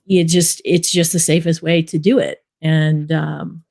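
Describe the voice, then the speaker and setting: A middle-aged woman, a documentary director, telling stories in a relaxed interview, rambling with many fillers. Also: low-pitched, a little slow, creaky. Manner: rambling storyteller, many fillers like "you know". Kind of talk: casual interview talk.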